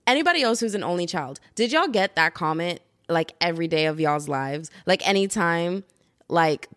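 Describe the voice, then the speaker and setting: A woman's voice: on the low side, animated, normal speed, no room sound, clean studio sound. A young adult woman hosting a casual solo podcast, chatty and rambling, laughing at herself and tossing in lots of "like" and "y'all", recorded at home under a blanket. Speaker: podcast host.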